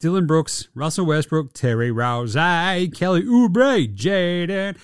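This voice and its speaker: A man's voice: a little high, slow, clean tone, no room sound, studio quality. A young Australian man giving a casual, profane and mocking recap of basketball games. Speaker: basketball commentator.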